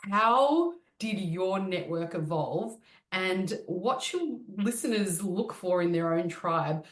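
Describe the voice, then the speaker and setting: A woman's voice: lowish voice, roomy sound. A woman hosting a podcast who sets up her questions with encouraging remarks and bits of brain science. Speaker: podcast host. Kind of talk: interview questions.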